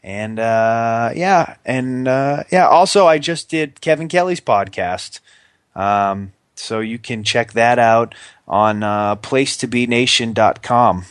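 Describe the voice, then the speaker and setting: A young man co-hosts a podcast in loose, joking chat, full of fillers as he plugs his pages. His voice sits at a middle pitch. The recording is dry and close. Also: slow pace, clear, resonant tone, no room sound. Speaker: podcast co-host. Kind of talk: casual chat.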